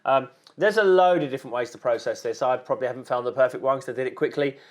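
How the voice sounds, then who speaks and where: A man's voice: mid-range voice, fast talker. A man, a wildlife photographer giving chatty, encouraging critiques of viewers' photos with many ums and repeated words. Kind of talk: casual on-screen photo critique.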